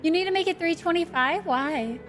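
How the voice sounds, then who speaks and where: A woman's voice: very high-pitched, brisk, fairly bright tone, soft background music. A woman streaming live, chatting with her viewers in a playful way, swearing freely and laughing often.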